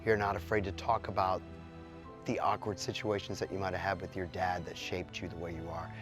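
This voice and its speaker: A middle-aged musician with a low-pitched voice answers interview questions bluntly and with animation. He swears now and then and imitates sounds with his voice.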